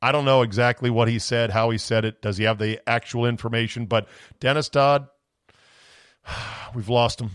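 A man's voice: medium pitch, steady tone, normal speed, smooth, no room sound. Sarcastic ranting man, dry close mic. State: voice going from screaming. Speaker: podcast host. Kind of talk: casual podcast rant.

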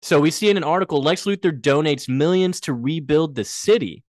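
Animated man riffing on a TV episode. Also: on the high side, no echo, studio quality. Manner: joking, quick impressions of characters. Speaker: podcast co-host. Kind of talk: casual chat recapping a TV episode.

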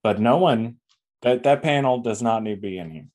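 A man's voice: mid-range voice, animated, normal speed, a little mellow. A man co-hosting a casual comic review podcast, blunt and swearing freely. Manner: blunt and heavily profane; acts out characters in quoted lines. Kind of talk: casual chat.

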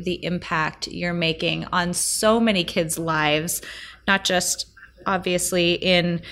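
A young pregnant woman hosts a podcast in a slightly lower voice, gushing with enthusiasm. She asks questions warmly and repeats her praise. The sound is a bit dull and lo-fi. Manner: effusive, enthusiastic. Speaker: podcast host. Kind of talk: podcast interview.

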